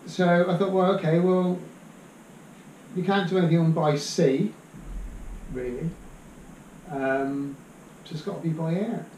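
A man from Bristol, England, chatting casually as a guest, hesitant and trailing off quietly. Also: a little high, measured pace, long pauses. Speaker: guest droid builder. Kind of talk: casual conversation. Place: room in a home. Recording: echoey room, mic at a distance, faint hiss.

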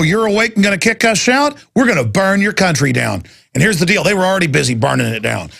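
A man hosts a talk radio show in a heated, impassioned monologue. His voice is gravelly and sits a little high, and he often slips into mocking impressions of opponents. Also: a bit bright.

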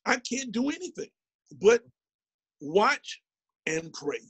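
A man's voice: extremely high pitch, big pitch swings, slow pace, a bit bright, husky, no room sound. A man, a bishop hosting a ministry teaching conversation, speaking in an emotional, heartfelt way.

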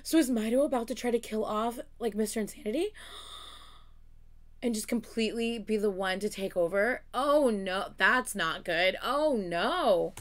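A woman hosting a reaction video, gushing, exclaiming and swearing as she watches, excited and close to tears. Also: fairly high pitch, moderate pace. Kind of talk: casual reaction commentary.

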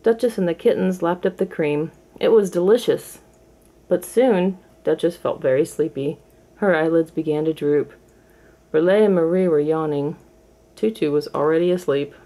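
A woman reading a children's storybook aloud in a clear, measured storytelling manner. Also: low voice, mellow. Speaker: storybook reader. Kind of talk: storybook read-aloud for kids.

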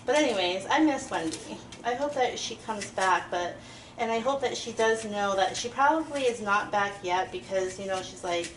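A woman's voice: medium pitch, animated, normal speed, a little hiss or hum. Chatty woman in an echoey kitchen. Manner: chatty, rambling, giggly. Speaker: vlogger. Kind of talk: casual kitchen chat while baking. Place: home kitchen. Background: chopping and clinking dishes.

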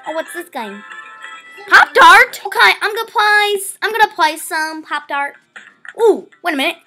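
A female gamer giving excitable let's play commentary, often stumbling over her words. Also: high voice, measured pace, faint music behind.

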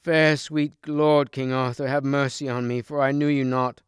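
A man's voice: medium pitch, measured pace, smooth, no echo, studio quality, close to an everyday voice. A man reading aloud as a wounded knight in a storybook, humble and pleading. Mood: remorseful.

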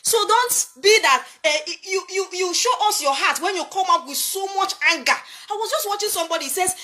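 A woman's voice: extremely high pitch, lively intonation, fairly quick, few pauses, pushed and bright. A Nigerian woman giving an impassioned commentary monologue, emphatic and preachy, full of rhetorical questions. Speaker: political commentator.

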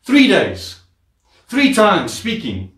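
A man's voice: high voice, wildly swooping pitch, slow, a bit bright. A man preaching a sermon as pastor, calling on the congregation to repeat words aloud and repeating phrases for emphasis. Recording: echoey room, voice from far off.

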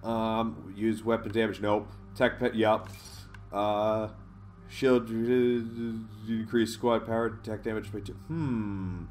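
A man's voice: lowish voice, little pitch movement, slow, a little mellow, slight background noise. A man giving casual gameplay commentary, rambling, swearing and laughing often, reading menu options aloud. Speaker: let's play host.

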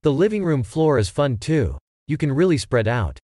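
A man's voice: fairly high pitch, big pitch swings, moderate pace, dark tone, dry recording, clean studio sound. A man voicing an earnest, long-winded male baby photographer in a read-aloud joke, talking matter-of-factly like a salesman.

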